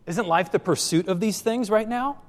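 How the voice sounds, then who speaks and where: A man's voice: high voice, moderate pace, long reverb tail. A man preaching a sermon as pastor, asking the congregation questions and repeating phrases for emphasis.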